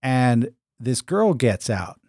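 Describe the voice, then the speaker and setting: A man's voice: mid-range voice, big pitch swings, slow, a little mellow, no echo, studio quality. A man co-hosting a podcast, telling a long rambling anecdote in casual chat and acting out the dialogue he quotes. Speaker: podcast co-host.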